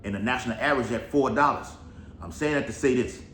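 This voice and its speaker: Here a fast-talking man with a mid-range, slightly bright voice offers loose, meandering commentary on Bible prophecy. Profanity and repeated "all right"s run throughout, recorded in an echoey room with faint noise.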